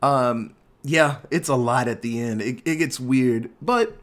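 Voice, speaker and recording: A man co-hosts a casual movie podcast, recapping the film in a laid-back way and swearing freely. His mid-range voice moves a little slowly.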